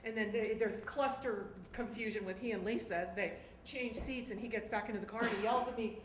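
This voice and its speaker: A woman's voice: fairly high pitch, steady tone, brisk, heavy background noise. A woman in her fifties performing a live one-woman stage show, telling a family story animatedly, laughing and acting out scenes. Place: theatre with audience. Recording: echoey theatre with live audience.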